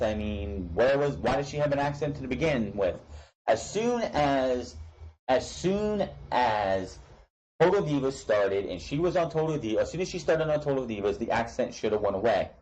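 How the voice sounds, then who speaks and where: A man's voice: mid-range voice, animated, brisk, few pauses, a little mellow, low-quality recording. Blunt, ranting young man reviewing wrestling. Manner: stumbling restarts, swears casually. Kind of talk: casual recap and commentary.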